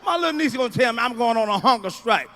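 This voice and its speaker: In an archival clip, a stand-up comedian delivers a loud, profane routine in a very high, sharp, forceful voice. He talks fast and expressively, acting out the characters in his stories.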